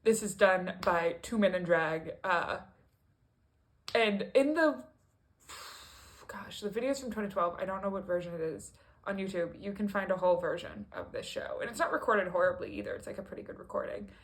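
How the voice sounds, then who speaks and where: A woman's voice: mid-range voice, normal speed. A woman talking through a musical in a casual review vlog, rambling and chatty with lots of fillers, restarts and playful asides. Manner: rambling and chatty, with frequent fillers and self-corrections. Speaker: video creator.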